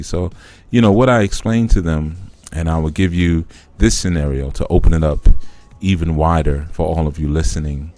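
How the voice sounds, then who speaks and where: A man's voice: low-pitched, moderate pace, darkish tone, no echo. A man hosting a live spiritual teaching talk, explaining through a conversational parable that he acts out.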